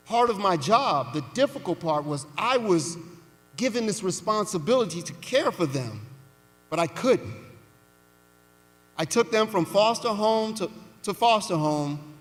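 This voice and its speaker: A man giving a commencement speech, telling a story slowly and deliberately with pauses for weight, in a large indoor arena. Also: high voice. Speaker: commencement speaker. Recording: reverberant arena sound.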